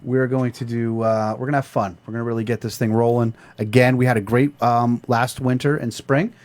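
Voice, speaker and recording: A man's voice: mid-range voice, flat delivery, a little fast, darkish tone. A man hosting a podcast in casual chat, loose and joking, swearing freely. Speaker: podcast host.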